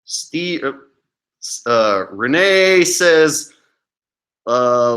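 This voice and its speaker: A man's voice: mid-range voice, sing-song, moderate pace, pushed and bright. A man hosting his own livestream, talking casually in a profane, defiant way and mocking his critics. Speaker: channel host.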